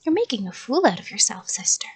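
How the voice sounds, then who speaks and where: Woman doing a sassy little kid in a fairy godmother costume, high breathy voice, brushing someone off. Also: sing-song, fast, exaggerated voice. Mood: dismissive. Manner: sassy, dismissive.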